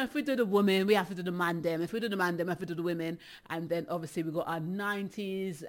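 A middle-aged DJ runs a casual live stream, firing off shout-outs and laughing easily along the way. The voice sits at a middling pitch and sounds a little short of breath. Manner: chatty, laughs often between shout-outs. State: slightly out of breath.

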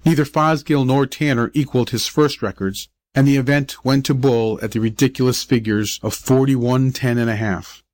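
A man reading a short story aloud as an audiobook narrator, measured and even. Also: medium pitch, dry recording. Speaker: audiobook reader.

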